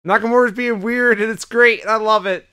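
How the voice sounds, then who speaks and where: A man co-hosting a casual podcast, retelling the week with lots of energy and plenty of swearing. His voice is smooth and resonant and sits a little high. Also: a little fast. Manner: animated retelling, heavy swearing. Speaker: podcast co-host. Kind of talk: casual chat recapping wrestling.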